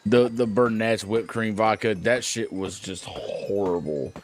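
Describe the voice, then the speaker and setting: A man's voice: fairly low pitch, a little slow, faint music behind. A man on a call with a streamer, chatting casually during a game, blunt and swearing. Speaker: co-player on call. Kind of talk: casual gaming stream chat.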